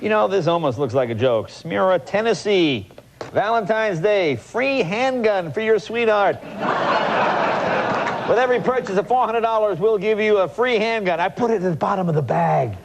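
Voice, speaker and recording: A man's voice: high voice, lively intonation, moderate pace, vocal fry, very noisy. A man in his forties hosting a late-night show, reading odd newspaper clippings with wry, mock-incredulous asides. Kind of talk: comic monologue reading clippings. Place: television studio with live audience. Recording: loud studio audience laughter.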